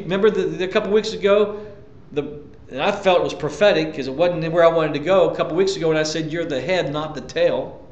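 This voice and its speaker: A man preaching a sermon as pastor, emphatic, repeating key lines and jumping up in pitch to drive points home. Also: a little hiss or hum. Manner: emphatic preaching, sudden pitch jumps and repetitions. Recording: echoey church room, dull lo-fi sound.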